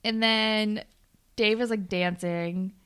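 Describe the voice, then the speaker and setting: A woman's voice: medium pitch, steady tone, takes it slowly, fairly bright tone, smooth. A woman co-hosting a podcast, chatting casually and swearing, quoting characters in mocking voices. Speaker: podcast co-host. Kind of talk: casual chat recapping a TV episode.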